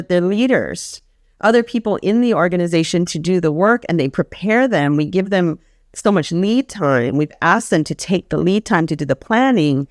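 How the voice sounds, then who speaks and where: An earnest woman speaking in a relaxed conversation, telling stories from her work. Her voice sits in a middle pitch. The recording is dry and close, with no room sound. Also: no echo. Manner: earnest storytelling, acts out quoted voices. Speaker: podcast guest, sabbatical grant funder. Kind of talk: casual conversation.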